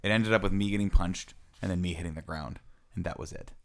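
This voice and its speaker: A man's voice: low-pitched, fast, vocal fry. A man in his thirties, a podcast co-host, telling a self-mocking story in casual chat. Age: 30s.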